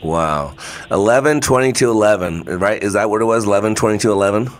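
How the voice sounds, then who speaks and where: A man's voice: fairly low pitch, fast. A man hosting a faith-based talk radio show, speaking in a rambling, emphatic, preacher-like way.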